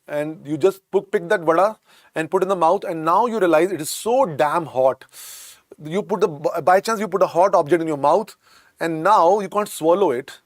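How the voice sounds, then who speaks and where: A man with an Indian accent and a voice on the high side gives a classroom lecture for a medical exam, drilling each term through repetition. He blends in Hindi words and calls his students "beta," captured in clean studio sound with no room sound.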